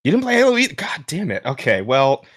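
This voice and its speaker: A man hosting a podcast in casual chat with a smooth voice. He rambles with many restarts. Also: a little high, wildly swooping pitch, fast talker, fairly bright tone, no echo. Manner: rambling, many restarts and fillers, laughs while talking. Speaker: podcast host.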